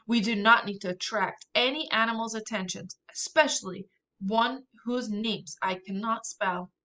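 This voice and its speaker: Bright-voiced woman reading a children's book. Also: medium pitch, moderate pace. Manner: lively, expressive, soft asides. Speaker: audiobook reader.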